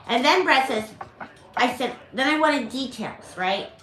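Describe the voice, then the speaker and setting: A woman's voice: high-pitched, expressive, measured pace, fairly bright tone. A middle-aged woman hosting a parrot rescue channel, telling a story at home in a dramatic, emotional, rambling way with many restarts. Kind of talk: casual storytelling to camera. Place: at home, indoors. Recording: echoey room.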